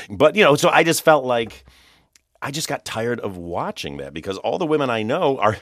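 A man's voice: mid-range voice, sing-song, normal speed, a bit bright, dry recording, studio quality. A man, a film director, talking animatedly in an interview, laughing often and restarting his sentences as he goes. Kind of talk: conversational interview.

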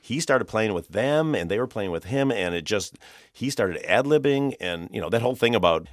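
Man, very low voice, dry close sound, chatty film director, animated, laughs a lot. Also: normal speed, no echo. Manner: animated, chatty, laughs often, many restarts. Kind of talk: conversational interview.

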